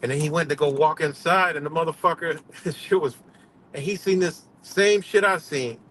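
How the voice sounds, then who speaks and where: Driving on a highway with faint road and vehicle sounds behind him, a man live streams in a high-leaning, fairly bright voice at a moderate pace. His storytelling is casual, profane, and rambling, and he laughs a lot.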